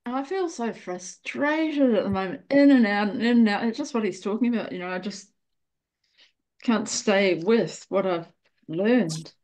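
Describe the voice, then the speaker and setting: A woman's voice: mid-range voice, measured pace, a little mellow. A woman sharing her frustrations frankly in a casual group discussion, swearing now and then. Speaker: study group member.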